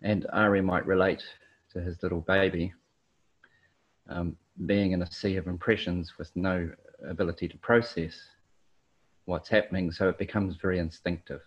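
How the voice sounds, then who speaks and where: A man from New Zealand speaking on a panel over a video call, explaining ideas thoughtfully with many pauses and ums. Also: deep voice, fairly even intonation. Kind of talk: slow reflective explanation. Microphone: video call mic. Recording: dull lo-fi video call audio.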